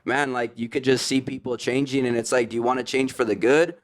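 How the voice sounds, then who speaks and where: A man's voice: medium pitch, level tone, a little fast. A man, a podcast guest in recovery, telling his story in casual slang, full of "like" and "you know what I mean".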